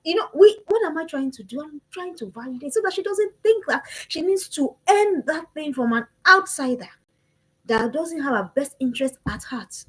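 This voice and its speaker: A woman's voice: high voice, animated, normal speed, rough recording. A woman gives an impassioned motivational talk to parents. She speaks emphatically and repeats her calls to action.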